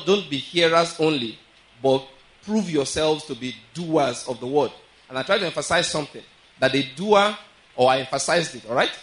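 Man, pastor, sermon, earnest, repeats himself, slightly high voice. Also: fairly bright tone, low-quality recording. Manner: earnest, repeats himself, checks listeners often with questions.

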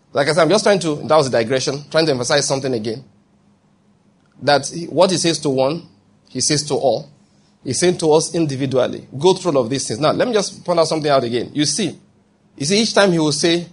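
A male pastor delivers a lively sermon in a fairly high, husky voice. He swings between emphatic preaching and playful acted-out voices, often asking the congregation whether they follow. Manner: animated preaching, acting out quoted voices, checking in with the congregation.

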